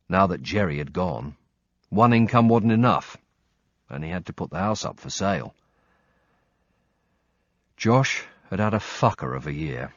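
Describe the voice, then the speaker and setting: Deep-voiced man narrating an audiobook. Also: dry recording. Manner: dry, wry storytelling with blunt swearing. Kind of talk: first-person audiobook narration. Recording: dry, slightly muffled audio.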